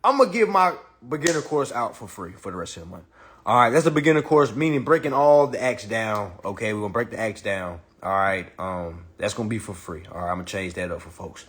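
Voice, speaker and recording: A man's voice: fairly low pitch, animated, fast talker, fairly bright tone, husky. A man hosting a casual phone livestream, talking in a boastful, repetitive, profane way. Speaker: livestream host.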